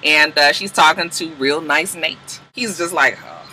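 A man giving a sassy, animated recap of a TV episode, slipping into quoted character voices. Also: on the high side, a little slow, a little hiss or hum, rough recording. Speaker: TV show reviewer.

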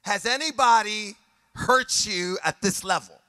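Male pastor, high and bright voice, fervent sermon delivery that swings into sing-song preaching, heavy on repetition. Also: unhurried, no echo, studio quality. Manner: impassioned, rising into a sung preaching cadence; repeats phrases for emphasis.

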